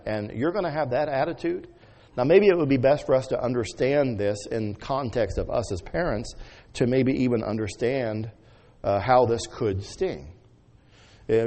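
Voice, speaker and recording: A man's voice: mid-range voice, mellow. Conversational male preacher. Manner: conversational, with filler "uh", quoting scripture with rising emphasis. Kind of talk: sermon.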